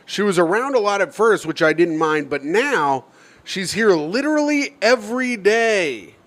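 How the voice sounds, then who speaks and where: A man with a notably high voice, trading jokes as a podcast co-host. His delivery is teasing and casual, close on a studio mic. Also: very animated, a little slow, fairly bright tone. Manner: playful, teasing, reads a listener letter aloud. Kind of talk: casual comedic podcast banter.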